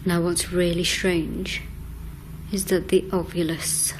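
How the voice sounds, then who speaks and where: A woman investigating a haunted building, calling out slow, coaxing questions to a spirit. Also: on the low side, flat delivery. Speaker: paranormal investigator. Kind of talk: ghost-hunting calls to spirits. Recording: noisy location recording.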